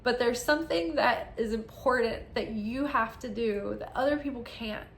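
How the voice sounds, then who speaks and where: A woman's voice: on the high side, normal speed, a little hiss or hum. A young woman giving a casual tarot reading, tired and rambling, peppering her talk with "like". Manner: rambling, filler-heavy with frequent "like". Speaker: tarot reader. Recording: roomy echo.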